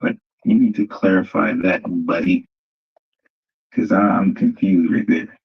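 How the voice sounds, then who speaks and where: A man's voice: deep voice, fairly even intonation, a little slow, vocal fry, slightly rough, muffled recording. A man hosting a livestream, mocking a debate clip and talking straight to his viewers in casual commentary.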